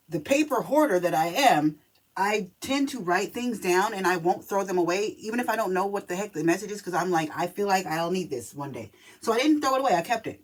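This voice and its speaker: A woman talking casually to camera as a spiritual reader, chatty and emphatic, often checking in with the listener. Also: on the low side. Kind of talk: casual spiritual reading video.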